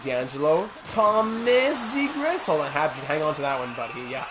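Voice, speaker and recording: A fast-talking man with a medium pitch and fairly even intonation streams a hockey video game over background noise. His commentary is mock sportscaster play-by-play, broken up by asides to chat.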